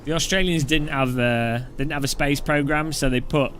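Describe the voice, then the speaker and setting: A man's voice: a little high, fairly even intonation, moderate pace, fairly bright tone, a little hiss or hum. A man giving casual, joking commentary while driving a racing sim, chatty and rambling with frequent laughs and restarts. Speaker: sim racing video host.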